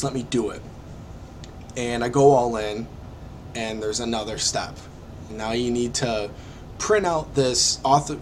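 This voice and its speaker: Guy vlogging his story, lively and self-mocking, mid-pitch voice, faint hum behind. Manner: animated, self-deprecating, acts out his own reactions. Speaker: online marketing vlogger. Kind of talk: personal storytelling to camera.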